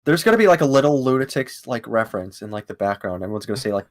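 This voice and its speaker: A man's voice: medium pitch, expressive. A man co-hosting a podcast, riffing jokes in casual chat and laughing often. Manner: giggly, quick riffing jokes. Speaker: podcast co-host.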